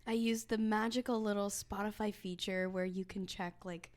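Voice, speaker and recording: A woman's voice: mid-range voice, fairly even intonation, moderate pace, a little mellow. Chatty young American woman co-host. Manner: chatty, rambling, heavy use of "like". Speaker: podcast co-host. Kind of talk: casual chat among friends.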